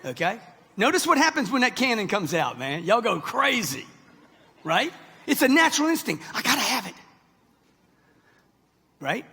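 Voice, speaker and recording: Punchy man in his sixties, bright high voice. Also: sing-song, moderate pace, breathy edge. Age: 60s. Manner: punchy, keeps pressing the audience with "okay?" and "right?". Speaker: motivational speaker. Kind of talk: live motivational seminar talk. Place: large event hall before a live audience. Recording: reverberant hall.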